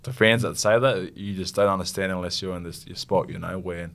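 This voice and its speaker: A young Australian man, a rugby league captain, talking earnestly and haltingly in an interview, getting emotional. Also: deep voice, fairly even intonation, gravelly, a bit bright. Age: young adult. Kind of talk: casual interview.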